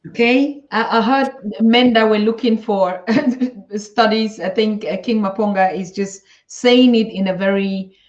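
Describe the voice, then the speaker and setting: A woman asking questions in a relaxed interview, often pausing and restarting as she looks for the right words. Her voice comes through dull and lo-fi, with echo from the room. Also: mid-range voice. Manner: halting, searching for words. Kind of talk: conversational interview. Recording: echoey, dull lo-fi sound.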